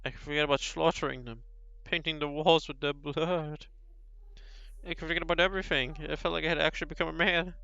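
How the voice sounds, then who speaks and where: A brooding male beast who longs to be human, as a man reads him aloud, slow and solemn, with pauses between phrases. The voice is bright and smooth, with a gravelly edge. It comes through a slightly dull, lo-fi stream recording. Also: fairly high pitch, steady tone, dry recording. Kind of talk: reading a visual novel aloud.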